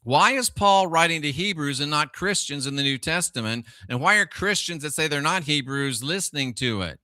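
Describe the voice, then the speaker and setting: A man's voice: fairly high pitch, animated, moderate pace, bright, forceful tone, no room sound, clean studio sound. A middle-aged man hosting a live stream, talking through religious questions with viewers and asking rhetorical questions as he goes. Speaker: livestream host.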